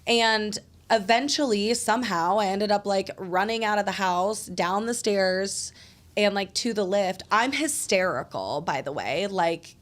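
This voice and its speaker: A young woman hosts a podcast, telling a personal story in casual chat with a medium-pitched voice at a measured pace. She's animated, says "like" constantly, and swears a lot.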